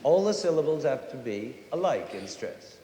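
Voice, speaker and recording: Middle-aged guy lecturing kids about music, super lively voice, sings bits of tunes, echoey concert hall. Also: medium pitch, moderate pace. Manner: animated, sings and hums short folk tunes to demonstrate. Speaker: conductor and music educator. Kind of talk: lively spoken lecture to a young concert audience. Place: large concert hall with audience. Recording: roomy concert hall reverb, faint hiss.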